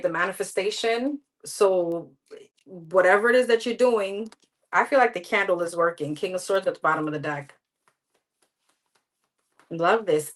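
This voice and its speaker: A woman's voice: mid-range voice, a bit bright, rough recording. A woman giving live tarot readings in a candid, chatty way, talking straight to her viewers. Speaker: tarot reader.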